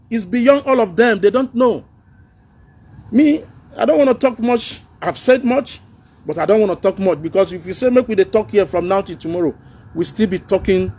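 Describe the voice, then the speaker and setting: Man, Nigerian accent, middle-aged, livestream host, preachy and earnest, mixes in pidgin, raspy, high pitched. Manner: earnest, preachy, mixing pidgin, laughs at his own jokes. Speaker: social media livestream host. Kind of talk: casual political talk livestream.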